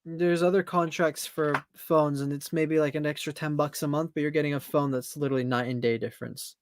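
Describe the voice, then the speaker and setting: A man's voice: a little high, steady tone, fairly quick, no echo. A male guest in a casual tech chat who gives opinions bluntly with joking asides.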